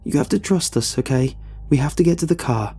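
A man's voice: medium pitch, lively intonation, unhurried, creaky, mellow, husky, voice pushed up, heavily acted. A man voicing a frightened young man in a horror story, speaking tensely through his teeth while urging his friends on. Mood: urgent shouting.

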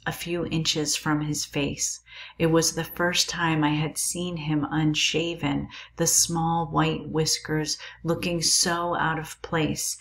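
Female reader, calm and measured; low, flat, unhurried. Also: creaky, slight background noise. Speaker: teacher reading aloud. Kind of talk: reading a novel aloud.

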